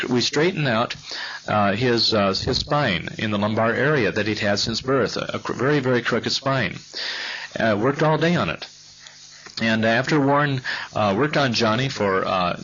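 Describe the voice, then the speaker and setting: A man's voice: mid-range voice, fairly bright tone. Folksy man lecturing on old tape. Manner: folksy, rambling storytelling with many fillers and restarts. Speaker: lecturer on a healing method. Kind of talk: recorded lecture to students. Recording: dull lo-fi tape with faint hum.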